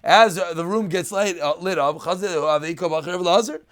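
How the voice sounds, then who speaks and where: A man's voice: sits high, fast talker, a bit bright. A man teaching a daf yomi Talmud lesson. He reads Aramaic phrases and explains them in English.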